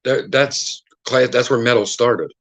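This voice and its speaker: A man's voice: mid-range voice, measured pace, a bit bright, dry recording. A man hosting a casual podcast, joking and swearing as he argues about music. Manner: profane, joking, argumentative. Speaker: podcast host. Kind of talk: casual banter.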